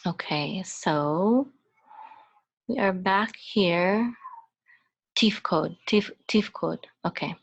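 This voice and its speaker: A woman's voice: lowish voice, drawn-out words, vocal fry, pauses often, husky. A woman teaching a Hebrew lesson, patiently explaining each letter and sound step by step. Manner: patient, explaining letter by letter, chanting phrases in a sung voice. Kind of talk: slow step-by-step language lesson.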